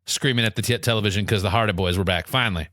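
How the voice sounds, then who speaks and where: A man co-hosting a podcast in loose, joking chat, spinning exaggerated stories with lots of restarts. His voice is bright and forceful, and the sound is close and dry. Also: on the low side, racing, dry recording. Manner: rambling, exaggerated comic storytelling. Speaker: podcast co-host. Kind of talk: casual comedic chat.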